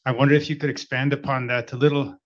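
A man's voice: medium pitch, little pitch movement, fast talker, lo-fi sound. Polite male conference moderator. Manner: polite, with some hesitations. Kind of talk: posing a question after a talk.

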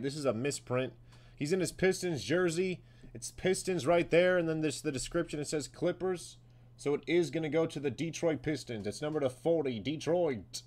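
Excitable man hosting a card break. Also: a little high. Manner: excitable, hypes up big pulls. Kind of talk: live card-break commentary.

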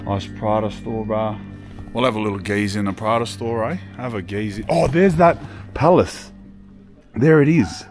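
A man's voice: on the low side, moderate pace, over music. An Australian man vlogging casually as he walks around town and into shops, joking and swearing freely. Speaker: travel vlogger. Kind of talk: casual travel vlog.

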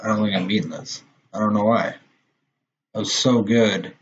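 A young man commentating his own gameplay, swearing often and quick to get frustrated. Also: fairly low pitch. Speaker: gaming channel host. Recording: dull lo-fi mic with faint noise.

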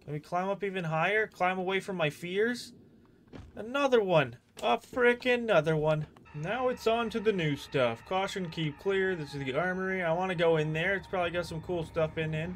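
A man streaming a horror game, jumpy and excitable, swearing and shouting at the game. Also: high-pitched, normal speed, slight background noise. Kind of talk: gameplay commentary.

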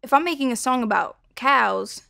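A woman's voice: on the high side, lively intonation, normal speed, gravelly, bright, forceful tone, dry recording, clean studio sound. A woman in her twenties, a singer talking casually about her song, loose and slangy with lots of "like" and swearing. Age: 20s. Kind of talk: casual talk to camera.

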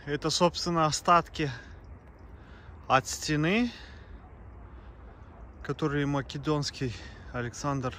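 A man's voice: fairly high pitch, slow, pauses often, sharp tone, slight background noise. A man narrating a travel vlog in a loose, casual way, with filler sounds. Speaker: travel vlogger.

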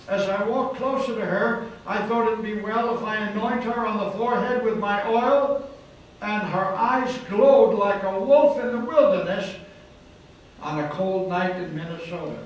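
A man's voice: high-pitched, unhurried. A male preacher telling a dramatic story in a sermon, recorded in a hotel event hall. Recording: echoey hall from far off, faint noise.

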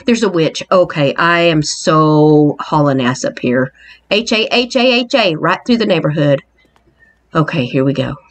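A woman hosting a playful island tour in a game, excitable and mock-scared, exclaiming often. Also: low voice, unhurried. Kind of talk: playful game walkthrough narration.

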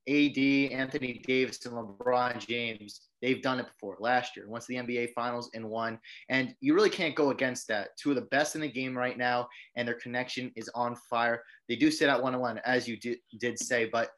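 A man's voice: mid-range voice, steady tone, moderate pace, hardly any pauses, fairly bright tone. Male sports podcast co-host making his case. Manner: lays out his argument point by point. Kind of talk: casual sports talk.

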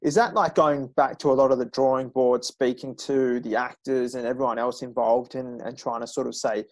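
A man's voice: medium pitch, fairly even intonation, normal speed. A man hosting an interview, answering with brief affirmations and asking long, loosely phrased questions with fillers. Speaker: interviewer host. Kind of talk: casual interview chat.

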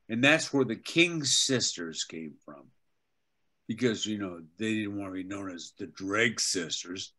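An older man, a veteran voice actor and teacher, telling animated anecdotes as an interview guest. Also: mid-range voice. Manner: animated anecdotes, acts out quotes. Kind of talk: casual interview storytelling.

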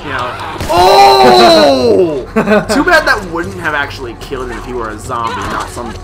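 A young man hosting a let's play, chatting casually over gameplay, laughing often, swearing freely and breaking into excited outbursts. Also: medium pitch, fairly quick, over loud music. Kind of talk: casual gaming commentary.

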